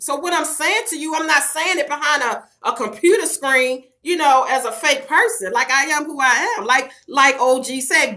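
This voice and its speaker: A woman's voice: high-pitched, moderate pace, few pauses, bright, forceful tone. A middle-aged woman vlogging in a casual chat to camera, talking frankly to her viewers, with laughter and a lot of swearing. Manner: frank, profane and laughing, talks straight to viewers as "girl".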